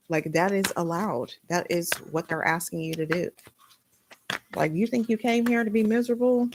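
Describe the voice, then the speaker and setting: A young adult woman giving a casual spiritual tarot reading, blunt and animated, swearing freely as she talks. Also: on the low side, moderate pace, background noise. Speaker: tarot reader.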